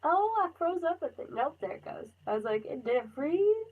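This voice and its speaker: A woman's voice: high-pitched, expressive, a little fast, narrow, tinny audio. Chatty young woman on a livestream. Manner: rambling, laughs often, many fillers. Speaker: livestream host. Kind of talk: casual livestream chat. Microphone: phone.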